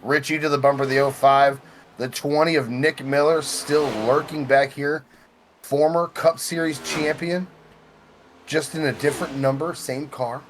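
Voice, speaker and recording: A man's voice: a little high, steady tone, normal speed, slight background noise. A man calling play-by-play on a live sim racing broadcast, mixing race calls with wry joking asides.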